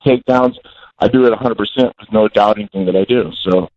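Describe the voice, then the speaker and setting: A man's voice: on the low side, fast, no room sound. A man in his forties calling in by phone to an interview, talking bluntly and intensely and repeating himself. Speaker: guest fighter calling in. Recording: dull lo-fi call-in audio.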